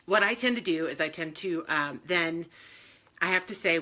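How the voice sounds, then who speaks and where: Bright-voiced woman giving a candid faith talk. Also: on the low side, expressive, moderate pace. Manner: candid, emotional, swears freely, laughs often. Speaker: faith and self-esteem speaker. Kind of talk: casual live-stream talk.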